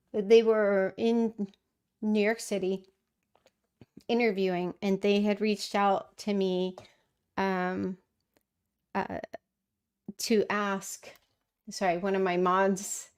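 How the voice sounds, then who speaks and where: This livestream host is a middle-aged woman whose medium-pitched voice is smooth and a little mellow. She fields viewer questions casually and thoughtfully, with many fillers and restarts.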